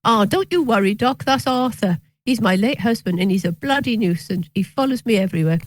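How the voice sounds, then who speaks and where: A woman's voice: medium pitch, animated, takes it slowly, darkish tone. A woman voicing a cheerful older Cockney patient who talks bluntly and breezily. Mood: amused.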